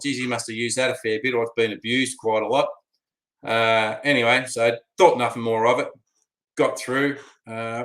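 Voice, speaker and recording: An Australian man spins a long, rambling travel yarn, dotted with ums and uhs. His voice is bright and forceful, sitting in the middle of the pitch range. The recording has a roomy echo around it. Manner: rambling, chatty, with many fillers. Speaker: vlogger. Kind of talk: casual storytelling.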